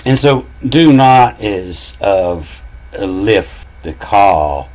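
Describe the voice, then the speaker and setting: Slow, low-voiced man spelling words out. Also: expressive, a little mellow, poor audio. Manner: musing, spells out words letter by letter; repeats phrases over and over. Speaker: channel host. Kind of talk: casual explanatory monologue.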